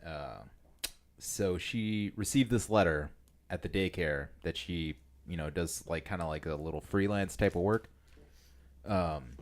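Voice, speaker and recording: A man with a very low voice and an unhurried pace co-hosts a podcast. He sounds laid-back and amused, tossing in short replies and easygoing remarks. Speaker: podcast co-host. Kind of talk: casual podcast chat.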